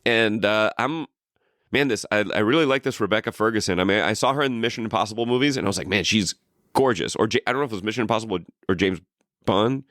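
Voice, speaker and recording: A man's voice: fairly low pitch, fast talker, fairly bright tone, no room sound, clean studio sound. A man co-hosting a podcast, chatting casually in a rambling, profane way with lots of restarts. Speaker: podcast co-host. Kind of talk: casual chat.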